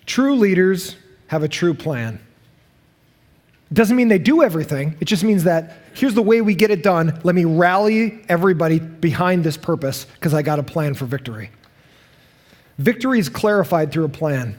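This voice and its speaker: High-voiced animated pastor preaching. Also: male voice, normal speed. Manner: animated, acts out quoted voices. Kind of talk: sermon. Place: church sanctuary. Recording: long hall reverb.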